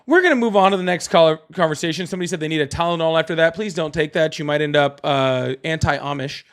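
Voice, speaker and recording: A man hosting a political call-in livestream, with a slightly higher voice than most men. He talks in a loose, chatty way, reads out super chats and laughs easily between callers. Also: clear, resonant tone. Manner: chatty, laughs often, quick to banter. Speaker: livestream host.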